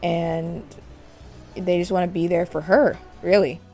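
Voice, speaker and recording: Lady doing chill game commentary, kinda low mellow voice, soft music under. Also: flat delivery, a little slow. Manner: chatty, narrates while playing. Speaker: gaming channel host. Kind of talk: casual let's-play commentary.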